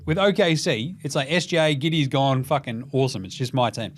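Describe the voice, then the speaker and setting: A young Australian man hosting a casual basketball show, talking fast and loose with lots of swearing and mocking impressions. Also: mid-range voice, no room sound. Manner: profane, animated, mocking impressions. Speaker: podcast host. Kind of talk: casual sports commentary.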